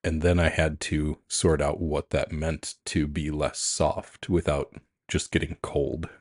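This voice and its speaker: A man with a very deep, husky voice speaks in a calm, frank and reflective way in a relaxed podcast chat. The sound is dry and close, with no room around it. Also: slow pace, dry recording. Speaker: podcast co-host, coach. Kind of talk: casual chat.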